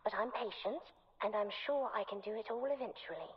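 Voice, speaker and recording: A woman's voice: mid-range voice, fairly quick, in a large hall, lo-fi sound, natural voice. An actress voicing a young, ambitious female athlete who talks earnestly. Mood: determined.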